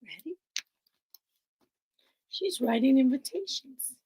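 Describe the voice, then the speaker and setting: A woman teacher reading a picture book aloud to children, playful and animated, often dropping into whispers. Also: sits high, slow, breathy edge.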